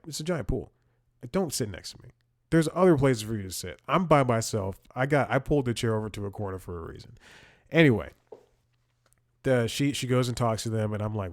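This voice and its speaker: A man's voice: fairly low pitch, expressive, brisk, no room sound, studio quality. A young man hosting a comedy podcast, telling a rambling story and often chuckling and restarting his sentences. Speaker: podcast host. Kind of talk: casual comedic monologue.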